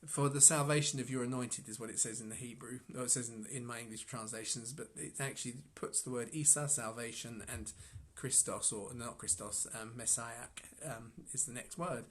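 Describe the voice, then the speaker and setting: A man talks through a passage of scripture in an informal devotional reflection, speaking at a mid-range pitch. He muses as he goes and often stumbles and restarts his sentences. Soft chuckles slip in between his thoughts. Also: steady tone. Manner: musing, halting, with frequent restarts and soft chuckles.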